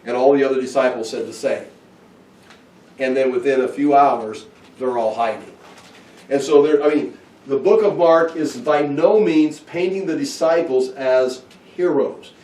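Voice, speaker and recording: A man of middle pitch teaches scripture in a relaxed, conversational way, guiding listeners from verse to verse. His voice reaches the mic from some distance and rings in a roomy space. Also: unhurried. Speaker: Bible teacher. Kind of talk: informal verse-by-verse Bible teaching.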